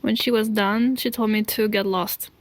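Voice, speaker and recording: A woman telling her own life story to camera in an earnest, deliberate way, pausing between short phrases. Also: mid-range voice, steady tone, dry recording. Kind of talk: slow confessional storytelling.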